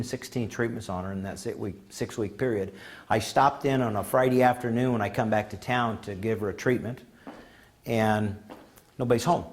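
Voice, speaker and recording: A man giving a conference talk, telling folksy stories and acting out the quotes of the people in them. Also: mid-range voice. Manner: folksy, animated anecdotes with acted-out quotes. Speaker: conference speaker. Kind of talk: storytelling talk. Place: conference room.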